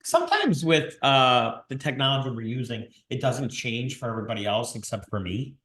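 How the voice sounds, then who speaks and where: A man's voice: mid-range voice, sing-song, normal speed, a bit bright. A man co-hosting a podcast in casual chat, goofy and self-mocking, rambling as he talks. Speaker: podcast co-host. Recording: roomy echo.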